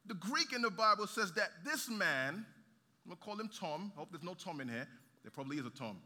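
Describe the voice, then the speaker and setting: Preacher, male, high and very bright tone, animated delivery with humor, long hall reverb. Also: brisk. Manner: lively preaching with rhetorical questions and humor. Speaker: pastor. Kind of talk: sermon.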